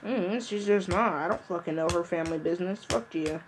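A man's voice: high-pitched, fairly quick, slight background noise. A young man in casual banter with a friend, teasing and crude, mocking others with put-on voices. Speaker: friend in a recorded chat.

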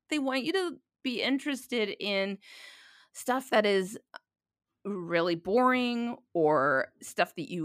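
A woman's voice: medium pitch, a bit bright, no room sound. A middle-aged woman tells a story in loose, casual chat, full of fillers and swearing. Her voice sits close and dry, with no room sound around it. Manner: profane, rambling, many fillers.

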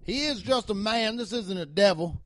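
A man voicing a blustering Southern small-town sheriff with a drawling accent, giving a loud, preachy pep talk to his officers in an improvised game character monologue. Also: high voice, lively intonation, moderate pace, no room sound, voice pushed up. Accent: Southern US (put on).

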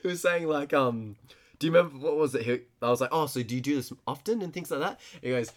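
A man's voice: on the high side, animated, quick pace. A young man hosting a podcast, telling a story in casual chat, often laughing as he rambles. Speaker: podcast host. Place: storehouse.

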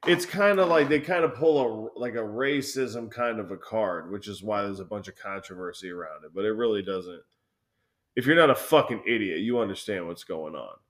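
A man's voice: lowish voice, expressive, normal speed, a bit bright. A young man telling a rambling, profanity-filled story in casual chat as a podcast co-host.

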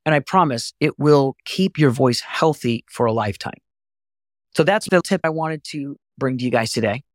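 A middle-aged man hosting a podcast voice lesson, animated and often jumping high to demonstrate. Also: moderate pace, dry recording, clean studio sound. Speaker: voice coach and podcast host.

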